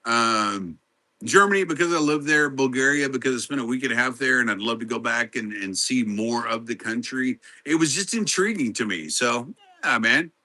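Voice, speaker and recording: A man's voice: medium pitch, lively intonation, normal speed, pushed and bright. A middle-aged man hosting a casual live stream. He chats with viewers, greets them by name and answers their questions. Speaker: livestream host.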